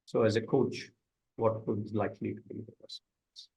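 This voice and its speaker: A man's voice: lowish voice, level tone, normal speed, vocal fry, dark tone, breathy edge, rough recording. A man leading a coaching masterclass, explaining step by step and asking the audience questions. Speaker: coaching instructor. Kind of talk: online masterclass teaching.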